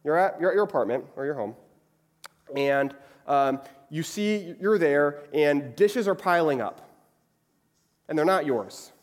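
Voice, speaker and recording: A man's voice: a little high, animated, measured pace, long pauses. A young adult man giving a conversational sermon, chatty and often checking in with the audience. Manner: chatty, frequently asks "right?". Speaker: preacher. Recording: long reverb of a hall.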